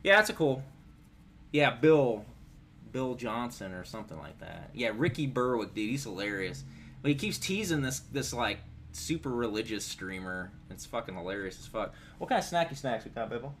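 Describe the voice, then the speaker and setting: A man's voice: medium pitch, big pitch swings, moderate pace, a bit bright, a little hiss or hum. A man chatting casually while streaming games, rambling and swearing in a laid-back way. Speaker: game streamer. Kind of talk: casual live-stream chat. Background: game music.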